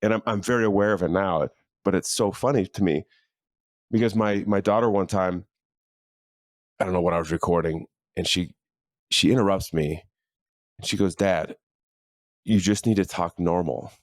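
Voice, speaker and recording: A man's voice: sits low, normal speed, long pauses, dry recording, clean studio sound. A middle-aged man hosting his own leadership coaching podcast from a home office, talking in an earnest, conversational way with fillers and restarts. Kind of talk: casual motivational monologue. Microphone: studio microphone in a home office.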